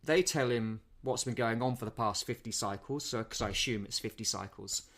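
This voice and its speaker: A man co-hosting a casual film-review podcast, walking through the plot at length. He repeats words and restarts often as he goes, at a mid-range pitch. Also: brisk, a bit bright. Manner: rambling recap, many repeated words. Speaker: podcast co-host.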